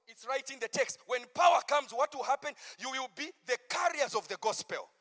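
A pastor preaching a campmeeting sermon, moving from hushed asides to shouted, drawn-out proclamations. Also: male voice, extremely high pitch, expressive, big-room sound.

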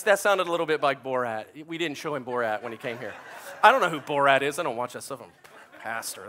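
A man's voice: high voice, bright, forceful tone. A man, preaching a sermon in a chatty, self-deprecating storytelling way. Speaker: pastor.

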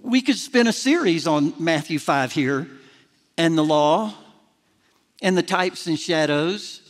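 Slow and expressive, with a voice a little on the high side, a middle-aged pastor delivers a folksy, self-deprecating sermon that climbs to emphatic peaks. The large church sanctuary gives the recording a long hall reverb.

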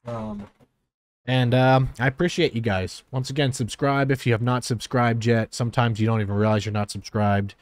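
A man's voice: medium pitch, fairly even intonation, moderate pace, no echo. A man from Philadelphia and New Jersey, a streamer and reaction host, talking to his viewers in a rambling, sincere way, with many fillers and restarts. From Philadelphia and New Jersey, USA. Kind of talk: casual heartfelt talk to viewers.

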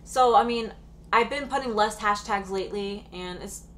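Woman vlogger, 30s, mid-pitched, chatty and excitable, slight hum on the track. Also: normal speed. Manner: chatty, many "like" fillers, bursts of excitement. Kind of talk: casual storytelling vlog.

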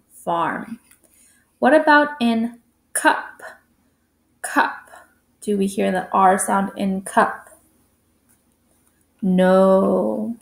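A woman teacher giving a slow phonics lesson to young children, drawing out words and sounding out letters. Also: medium pitch, vocal fry, echoey room.

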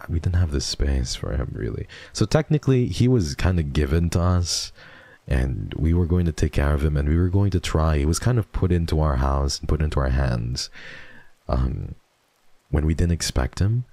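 A man's voice: very deep voice, creaky, mellow, dry recording. A young man streaming casually, rambling and repeating himself as he talks fondly about dogs. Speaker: streamer host. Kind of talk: casual livestream chat.

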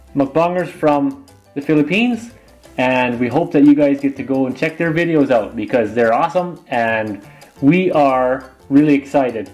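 A man's voice: medium pitch, darkish tone. A man co-hosting a food channel, chatting casually and upbeat, often chiming in to finish his partner's lines. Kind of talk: casual chat.

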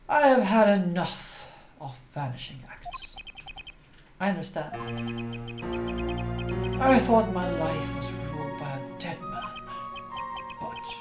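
A grandiose, sorrowful stage magician, as a woman puts him on, all formal theatrical gravity and measured phrasing. He sounds roomy, with game music playing underneath. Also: medium pitch. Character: pompous grieving middle-aged male stage magician.

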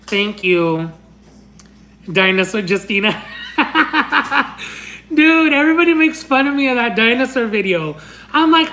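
A young woman chats on her livestream in a mid-range voice, her Spanish roots showing. She speaks to fans with affectionate pet names, rambling with restarts and quick laughs. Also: mid-range voice, fairly bright tone, a little hiss or hum, low-quality recording. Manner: affectionate, calls viewers honey and my love. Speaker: livestream host. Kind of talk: casual livestream chat.

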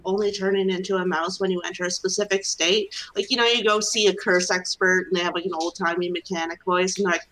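A woman's voice: fairly low pitch, steady tone, fast, few pauses, fairly bright tone. A woman chatting playfully on a charity stream, spinning whimsical little scenes. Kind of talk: casual chat.

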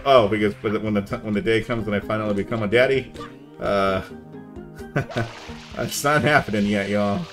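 A young man chatting casually on a live gaming stream, laid-back and saying "man" a lot, yelling now and then at the game. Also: on the low side, fairly even intonation, normal speed, over music.

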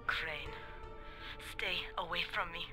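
A woman's voice: lowish voice, slow, over music. An actress playing a grieving, hostile young woman who speaks in a bitter, emotional way over a radio.

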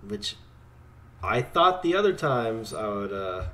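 Playing a card game, a man gives casual commentary to his opponent, alternating between excited outbursts and quiet muttering. His voice is lowish and his pace is slow.

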